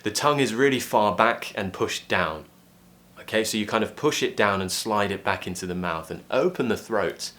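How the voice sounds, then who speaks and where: A man with a British RP accent teaching an online pronunciation lesson, clearly modelling vowel sounds. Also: fairly low pitch, lively intonation, moderate pace, a bit bright. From Britain.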